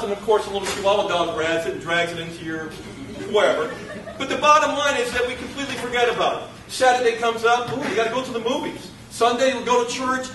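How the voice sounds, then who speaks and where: A man's voice: high-pitched, recorded from a distance, a little hiss or hum. Man lecturing in an echoey classroom. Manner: lively, joking, acts out students' voices. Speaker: college instructor.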